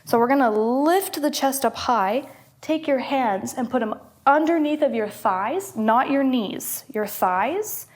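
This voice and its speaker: A young woman, a health coach, guiding listeners through a calming movement exercise, encouraging, laughing often and exhaling between cues. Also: sits high, slow pace. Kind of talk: guided movement instruction.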